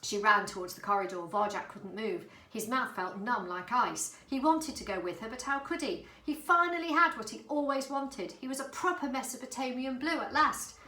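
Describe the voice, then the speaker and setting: Brief: woman storybook narrator, bright and expressive, echoey room. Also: on the high side, normal speed, few pauses. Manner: expressive, dramatic. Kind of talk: storybook reading.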